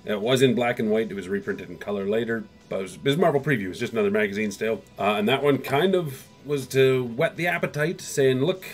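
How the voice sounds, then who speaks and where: A man's voice: medium pitch, soft background music. A man hosting a comics video, recapping old issues in a rambling, casual way and briefly acting out the characters' lines. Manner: rambling, acts out characters' lines in quick asides.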